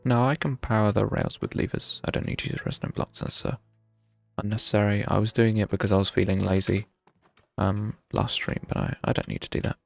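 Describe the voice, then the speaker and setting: A man's voice: fairly low pitch, fairly even intonation, fairly quick, creaky, faint music behind. A young man chatting casually while streaming a game, thinking aloud with wry self-mockery. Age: young adult. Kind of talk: casual live gameplay commentary.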